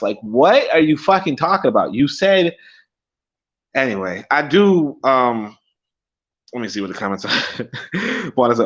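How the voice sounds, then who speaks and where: A man's voice: medium pitch, sing-song, measured pace, long pauses. Rambling, profane young man on a stream. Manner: rambling, profane, laughs often, repeats himself. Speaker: livestream host. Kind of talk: casual storytelling livestream. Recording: dull lo-fi stream audio.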